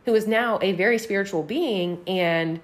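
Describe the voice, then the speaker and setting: A woman's medium-pitched voice moves at normal speed as she tells a personal story for a casual podcast. Her manner is profane and animated, with "like" filling much of what she says.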